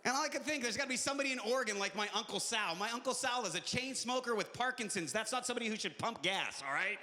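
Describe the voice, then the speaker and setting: A man doing live stand-up comedy, telling stories in a high, bright and lively voice. He jumps into loud character voices along the way. The long reverb of the hall carries behind him. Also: fast talker. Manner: animated storytelling, jumping into shouted character voices. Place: live venue with audience.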